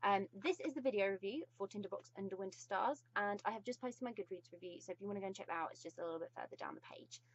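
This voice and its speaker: A woman with a British accent giving a casual video book review, gushing and effusive, with frequent pauses. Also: medium pitch, lo-fi sound.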